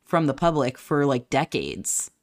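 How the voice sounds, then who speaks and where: A young woman with a low voice co-hosts a casual podcast. She teases her friend and tells stories with playful, animated energy. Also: a little slow. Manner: teasing, joking, animated storyteller. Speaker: podcast co-host. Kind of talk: casual chat.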